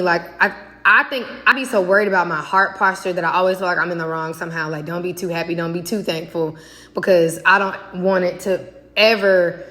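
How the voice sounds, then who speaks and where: A woman talking casually and excitedly to her viewers in a faith vlog, chatty and direct. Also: medium pitch. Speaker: faith vlogger. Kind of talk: casual devotional vlog talk.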